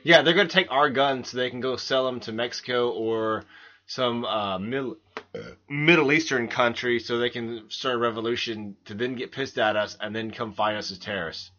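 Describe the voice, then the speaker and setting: A man's voice: medium pitch, normal speed, bright, forceful tone, dull audio. A man hosting a casual podcast, joking around and often stumbling and restarting his sentences. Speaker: podcast host.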